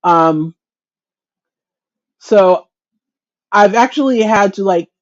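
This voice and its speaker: A woman's voice: mid-range voice, very slow, highs cut off. A woman hosting a casual crochet chat livestream, greeting viewers by name, chatty and self-deprecating, often restarting her sentences. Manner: frequent restarts and stumbles.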